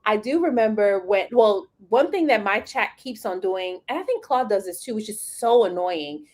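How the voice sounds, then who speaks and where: A woman's voice: medium pitch, moderate pace. A woman hosting a live stream, chatting casually and playfully, acting out the quotes she tells. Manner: animated, playful, acts out quotes. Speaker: host of a business live stream. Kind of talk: casual chat.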